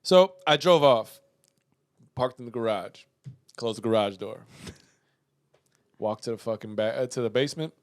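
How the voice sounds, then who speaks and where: A man co-hosting a podcast, telling a story in casual chat, profane and animated, swinging between loud outbursts and muttering. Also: medium pitch, normal speed, long pauses, no room sound, clean studio sound. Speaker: podcast co-host.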